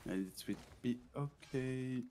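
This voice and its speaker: A man's voice: medium pitch, darkish tone, slight background noise. Hesitant man with a French accent. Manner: hesitant, many fillers and restarts. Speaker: teammate in an online game. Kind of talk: casual gaming chat.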